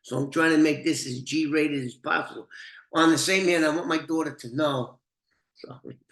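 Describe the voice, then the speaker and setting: A man's voice: on the high side, fairly even intonation, moderate pace, a bit bright. An older man telling a rambling, profane story with frequent laughs. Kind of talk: casual storytelling. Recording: roomy echo.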